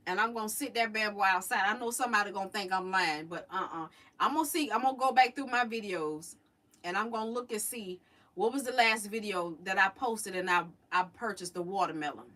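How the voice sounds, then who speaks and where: Chatty woman, bright and slightly distant. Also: medium pitch, a little fast. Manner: chatty and animated, drawls out fond memories. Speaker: livestream host. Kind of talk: casual storytelling to a live chat. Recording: voice a little distant from the mic.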